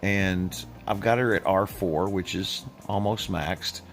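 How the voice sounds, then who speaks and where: Deep gravelly middle aged guy goofing around, chatty and teasing. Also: slow pace. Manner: jokey, teasing, playfully deep put-on voice. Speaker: host. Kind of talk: casual chat.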